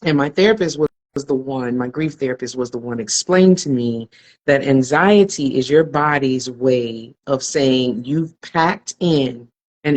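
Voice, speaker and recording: A woman's voice: rumbling low, a little mellow, rough recording. Earnest woman sharing a personal story. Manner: earnest, reflective, emotionally open. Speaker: podcast guest.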